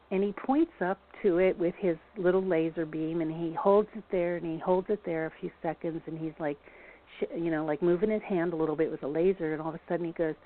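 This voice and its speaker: Woman, local historian, rambling storyteller, lowish voice, tinny phone line. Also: fairly even intonation, a little fast. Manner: rambling, many restarts and fillers. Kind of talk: casual storytelling on a phone-in show.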